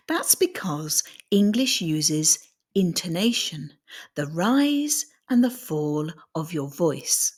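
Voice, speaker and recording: A woman giving a scripted English pronunciation lesson, deliberately demonstrating how her voice rises and falls. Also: on the low side, very animated, darkish tone, slightly rough.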